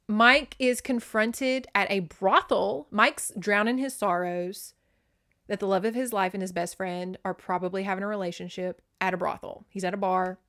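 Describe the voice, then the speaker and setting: A woman, hosting a casual book recap podcast. She talks in an animated way and slips into exaggerated voices whenever she quotes the characters. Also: medium pitch. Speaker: podcast host.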